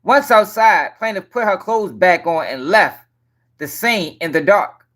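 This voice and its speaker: A man's voice: high voice, animated, unhurried, a bit bright. A man doing casual livestream commentary. He reads court papers aloud and answers his chat in blunt, profane slang, often repeating himself in exasperation. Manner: talks to chat viewers directly.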